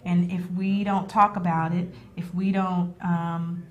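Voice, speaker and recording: Halting, thoughtful woman guest. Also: fairly low pitch, flat delivery, dull audio. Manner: halting, thoughtful, many fillers. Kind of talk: interview answers.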